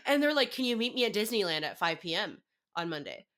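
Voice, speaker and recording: Excitable young woman, bright voice. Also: mid-range voice, quick pace. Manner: excitable storyteller, acts out her reactions. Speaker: podcast guest. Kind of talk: casual podcast chat.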